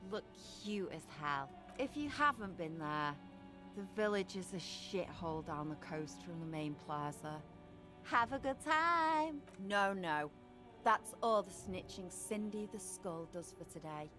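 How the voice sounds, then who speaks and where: A woman's voice: on the low side, expressive, measured pace, music in the background. A woman voicing a brash, defiant young female street punk who swears and sneers, in a video game. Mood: grudging. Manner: foul-mouthed, defiant sneering.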